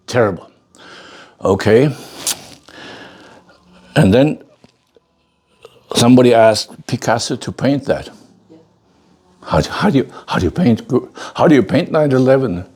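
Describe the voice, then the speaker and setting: Husky and darkish, sitting in the mid range, this older man's voice carries a spoken lecture to his bonsai class. He tells a story emphatically, restarts and repeats himself a lot, and keeps asking the audience "okay?"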